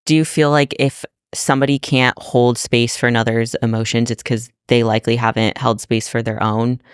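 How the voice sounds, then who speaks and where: A man hosting a podcast speaks at a middle pitch with a smooth, clear voice. He is thoughtful and agreeable, his sentences loose and full of fillers. The recording is dry and close-miked. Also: flat delivery, normal speed, dry recording. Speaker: podcast host. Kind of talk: casual podcast conversation.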